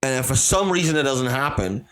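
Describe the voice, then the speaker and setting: A man co-hosting a casual podcast, reasoning out loud, hedging and circling back to his point. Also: medium pitch, lively intonation, fairly quick. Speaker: podcast co-host. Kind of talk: casual chat.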